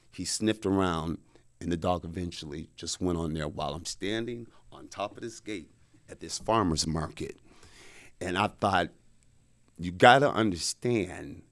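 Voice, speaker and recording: Earnest man telling a personal story. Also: low-pitched. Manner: earnest, emphatic, acts out his own pleading. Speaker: lecture speaker. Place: media studio. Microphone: studio microphone.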